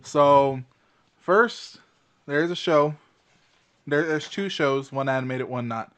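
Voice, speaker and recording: A man's voice: on the high side, slow pace, a bit bright, muffled recording. A man co-hosting a podcast in casual chat, crude and joking, laughing often. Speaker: podcast co-host.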